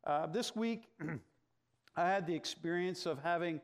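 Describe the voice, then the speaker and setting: A middle-aged pastor preaching in a relaxed, storytelling way, his speaking voice sitting a touch higher than most men's. He talks, pausing on "uh" as he works his way toward the point. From Canada. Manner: storytelling, frequent "uh" fillers, acts out dialogue. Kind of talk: conversational sermon with anecdotes.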